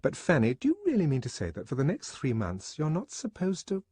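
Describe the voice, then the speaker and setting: A man's voice: a little high, wildly swooping pitch, brisk, dark tone, husky, no echo, pitched above the performer's own voice, full character voice. A man voicing Lenina, a defiant young woman speaking in a slightly raised, defensive voice.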